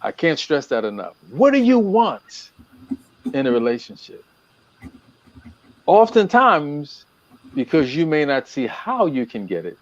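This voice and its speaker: A man talking as a relationship coach on a talk show, animated and preacherly, repeating his points for emphasis. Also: medium pitch, measured pace, pauses often, dry recording. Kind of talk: casual talk-show chat. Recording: dull, lo-fi.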